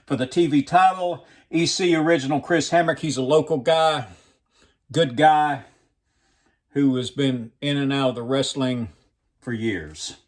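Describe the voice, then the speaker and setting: Man, channel host, casual reading and commentary, rambling, self-deprecating, mid-pitch, camera mic. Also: measured pace. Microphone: webcam framing.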